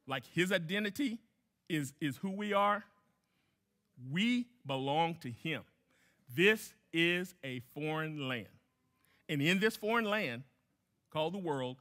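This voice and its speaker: A man's voice: on the high side, pushed and bright. A man preaching a sermon as a guest pastor, emphatic, repeating key phrases and putting questions to the congregation.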